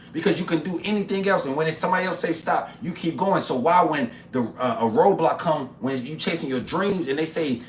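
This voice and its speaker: A man's voice: a little high, a little fast, few pauses, fairly bright tone, a little hiss or hum. A man cooking live and talking to his chat in an upbeat, preachy way, repeating his phrases. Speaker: cooking and motivation streamer. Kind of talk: casual live-stream talk while cooking. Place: home kitchen. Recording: roomy kitchen with faint ambience.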